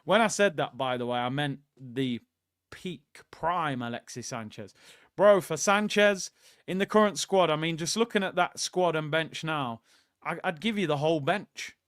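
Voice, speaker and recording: A man hosting a live football watchalong, chatting casually and handing out blunt opinions to his viewers. His voice sits a little high and sounds smooth and clean. The recording is dry and close. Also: expressive, moderate pace, a bit bright, no room sound. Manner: casual, opinionated, conversational, addresses viewers directly. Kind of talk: live watchalong commentary, reading out chat.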